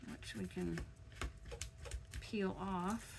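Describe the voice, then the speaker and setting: A woman with a froggy, gravelly voice, chatting step by step through a crafting tutorial at her home craft desk. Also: medium pitch, fairly even intonation, drawn-out words, background noise. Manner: chatty step-by-step explaining while working. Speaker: craft channel host.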